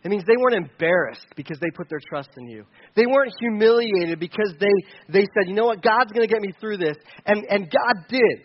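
A man with a notably high voice preaches a sermon in a loose, conversational way, full of restarts and asides. He swings from loud, earnest pleading to quiet, wry remarks. The recording sounds dull and lo-fi. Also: animated, brisk, few pauses. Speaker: pastor.

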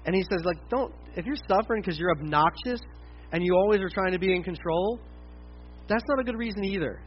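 A middle-aged American man preaching a conversational sermon as pastor, animated and loud at times, dropping to quiet asides. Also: high voice, fairly quick, dull audio, slight background noise. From United States.

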